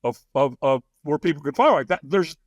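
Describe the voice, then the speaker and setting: A man's voice: fairly high pitch, fairly quick, no room sound, highs cut off. A man talking as a podcast guest, telling a story with energy, laughing often and acting out what other people said. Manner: animated, acts out quoted voices, laughs often. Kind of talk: storytelling in a conversation.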